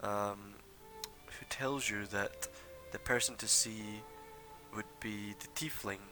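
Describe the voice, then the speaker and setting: A man's voice: fairly low pitch, fairly even intonation, slow pace, over music. A young man narrating as game master of a tabletop game, loose and full of fillers.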